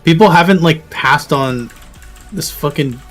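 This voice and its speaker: Man, streamer, casual gaming chat, slightly high voice, swearing, light background music. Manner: swears casually, quick back-and-forth.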